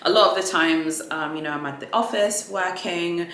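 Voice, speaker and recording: A woman vlogger chatting casually through an unboxing, animated and full of fillers. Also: fairly low pitch, normal speed. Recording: echoey room with faint ambient noise.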